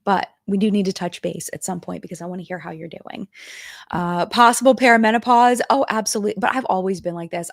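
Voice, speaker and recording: Gravelly, emotional middle-aged woman streaming. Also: fairly low pitch, fast, no room sound, clean studio sound. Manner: chatty and emotional, with filler words and restarts. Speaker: live-stream commentary host. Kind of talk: casual live-stream chat.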